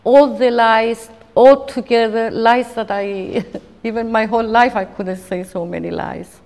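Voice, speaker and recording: A woman in her fifties giving halting, emotional documentary interview testimony, often restarting her sentences. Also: a little high, steady tone, a little mellow. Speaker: interviewee recounting a personal ordeal. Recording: long hall reverb.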